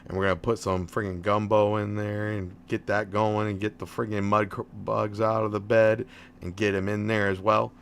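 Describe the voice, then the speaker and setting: A man's voice: fairly low pitch, level tone, normal speed, creaky, slight background noise. A man putting on a Cajun accent, voicing a folksy Cajun man cooking up a crab boil in an easygoing, chatty way. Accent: Cajun put-on.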